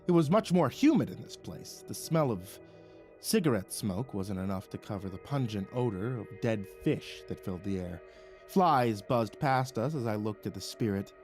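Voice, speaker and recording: A man's voice: fairly low pitch, normal speed, soft background music. Man narrating a story expressively. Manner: expressive, dramatic. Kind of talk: first-person story narration.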